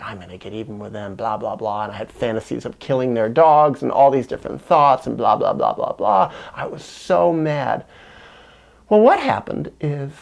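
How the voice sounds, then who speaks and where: A middle-aged man telling a personal childhood story as a solo monologue, animated and dramatic, swinging between loud and hushed. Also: mid-range voice, gravelly. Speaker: channel host.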